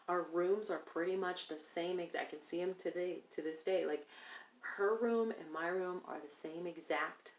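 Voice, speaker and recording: A woman telling a personal story in a casual interview, animated and acting out the people she quotes. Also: on the low side, normal speed. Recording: roomy echo.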